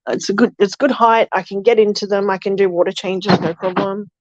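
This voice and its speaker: A woman's voice: medium pitch, steady tone, brisk, a little mellow, dry recording, muffled recording. A woman streaming casually while tending her fish tanks, chatty and self-deprecating, cooing to her fish. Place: home room with fish tanks.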